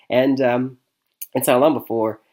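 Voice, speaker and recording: A man's voice: medium pitch, animated, brisk, a little mellow. A young man from Michigan giving a casual spoken movie review, rambling with many fillers and restarts and chuckling often. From Michigan, USA.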